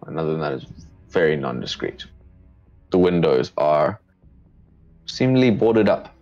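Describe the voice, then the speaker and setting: Deep-voiced man narrating a tabletop game. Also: big pitch swings, unhurried, darkish tone. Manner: descriptive, casual narration with restarts. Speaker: game master. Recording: dull lo-fi stream with faint music.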